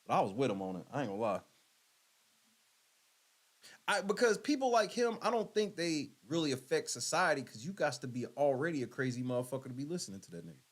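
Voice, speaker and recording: A man hosts a podcast, tossing out casual reaction commentary and laughing in disbelief. His mid-range voice has a sing-song lilt and moves at a quick pace, and he sounds incredulous throughout.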